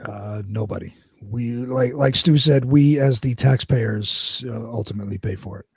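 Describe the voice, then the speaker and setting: A man's voice: mid-range voice, moderate pace, creaky, darkish tone, husky, no echo. A man with a New York accent in a casual podcast chat, explaining things in an easygoing way. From New York City. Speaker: podcast co-host.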